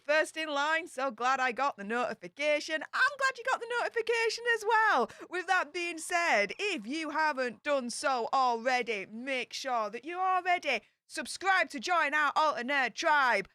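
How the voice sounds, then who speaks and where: A woman from Yorkshire, England, with a Yorkshire accent, hosts a YouTube livestream, chatting casually and greeting viewers one by one in a bubbly way. Her voice is high-pitched, pushed and bright. The studio-quality recording has no echo.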